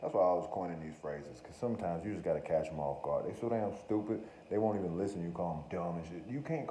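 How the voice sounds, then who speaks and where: A man with a low, very dark voice rambles through a profane comedic monologue, joking and cutting himself off. He sounds like a podcast host talking off the cuff. The recording is roomy and echoey, with faint noise behind him. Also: quick pace. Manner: profane, joking, self-interrupting.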